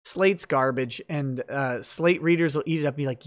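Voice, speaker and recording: A man's voice: on the high side, normal speed. A man hosting a late-night livestream, chatting loosely through viewer comments with lots of fillers and restarts.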